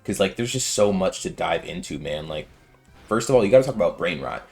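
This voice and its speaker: Deep-ish young guy yapping fast while he plays, lots of "like" and "bro". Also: lively intonation, gravelly, soft background music. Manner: rambling, filler-heavy, slangy. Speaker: let's-play gamer. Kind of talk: casual gameplay commentary.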